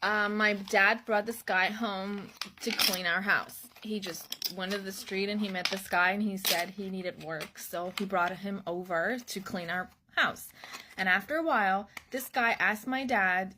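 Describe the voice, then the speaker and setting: A woman's voice: mid-range voice, fairly even intonation, measured pace. A woman from Iran telling a personal story in a plain, matter-of-fact way. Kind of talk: casual spoken storytelling. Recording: clear background noise.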